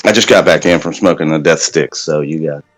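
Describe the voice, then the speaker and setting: A man's voice: rumbling low, a little fast, dry recording, soft background music. A man playing a tabletop game, loose and rambling, swearing casually. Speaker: player.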